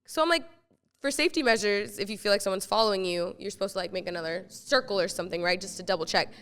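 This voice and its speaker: A young woman hosting a podcast and telling a story casually, animated, swearing freely and acting out what she said back then. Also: medium pitch, fast talker, clear, resonant tone, long reverb tail. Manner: animated, swears freely, acts out her own quotes. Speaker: podcast host.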